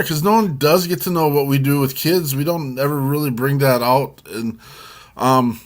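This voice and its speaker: A man with a fairly high voice co-hosts a casual chat show, telling a long, warm, rambling story at a moderate pace and restarting it again and again.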